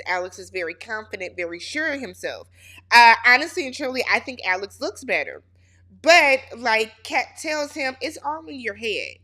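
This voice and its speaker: A woman's voice: a little high, sharp tone. A woman recapping a reality show in a casual, chatty, opinionated way, talking straight to her viewers.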